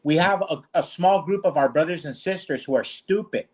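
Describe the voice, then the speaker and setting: A man's voice: a little high, normal speed, darkish tone. A man co-hosting a streamed talk show, ranting bluntly and indignantly in casual discussion. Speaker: co-host.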